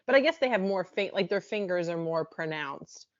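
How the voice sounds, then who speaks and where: A woman's voice: lowish voice, animated, normal speed, dull audio. A woman co-hosting a podcast in casual chat, asking curious questions and laughing often. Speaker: podcast co-host.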